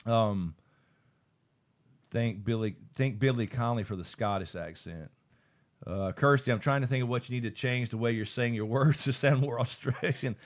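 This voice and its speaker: A man's voice: mid-range voice, normal speed. A man co-hosting a live stream, reading chat in casual talk, laid-back, swearing and laughing often.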